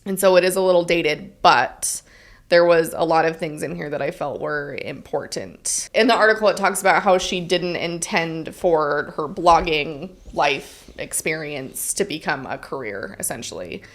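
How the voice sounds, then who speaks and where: Chatty woman podcast co-host with gravelly fry. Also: deep voice, normal speed. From Utah, United States. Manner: chatty, frequent "um" and "like". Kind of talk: casual chat, reading from an article.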